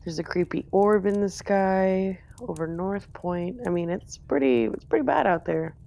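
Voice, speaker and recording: Gravelly woman playing in character. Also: medium pitch, normal speed, dark tone. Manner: casual, offhand delivery. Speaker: tabletop player. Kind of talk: in-character role-play.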